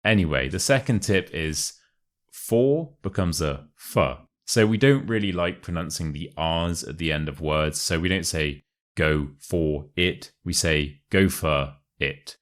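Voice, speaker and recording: Deep-voiced British RP man teaching. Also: measured pace. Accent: modern RP British English. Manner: chatty, joking, exaggerated examples. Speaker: English teacher. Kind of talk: casual YouTube English lesson.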